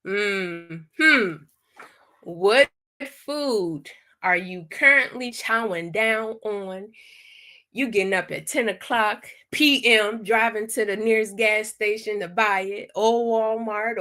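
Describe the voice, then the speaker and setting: A woman's voice: mid-range voice, slow pace, bright, forceful tone. A woman hosting a live online wellness workshop, chatty and encouraging as she reads out answers from the chat.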